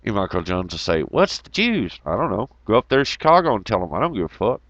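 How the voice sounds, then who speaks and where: A man's voice: fairly low pitch, big pitch swings, very fast, fairly bright tone, no room sound, lo-fi sound. A middle-aged man hosting an online talk show, ranting heatedly with lots of swearing and mocking asides. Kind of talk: profane ranting monologue.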